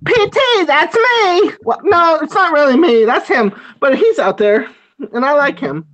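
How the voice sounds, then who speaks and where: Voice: expressive, measured pace, fairly bright tone, highs cut off. A performer voicing a goofy, childlike male character who stammers and giggles in an improvised livestream bit. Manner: stammering, giggly, high-pitched.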